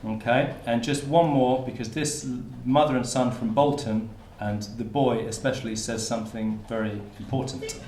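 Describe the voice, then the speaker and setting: A man from Hertfordshire, England, a university researcher, gives an informal conference talk at a moderate pace with few pauses. His medium-pitched voice is a little mellow, with fairly even intonation, and he often restarts sentences and uses fillers. The lecture-room audio is roomy, with a little hiss or hum.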